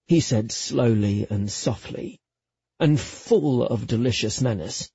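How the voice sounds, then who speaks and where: Man narrating a romance audiobook, husky, slow, expressive and self-mocking, slightly dull recording. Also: medium pitch, no room sound. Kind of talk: first-person romance narration.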